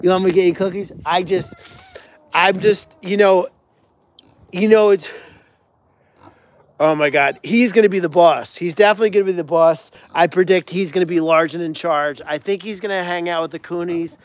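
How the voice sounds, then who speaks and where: A man's voice: high-pitched, normal speed. A man hosting a casual live stream from a barn, chatting to viewers and cooing baby talk to the animals. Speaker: animal sanctuary livestream host.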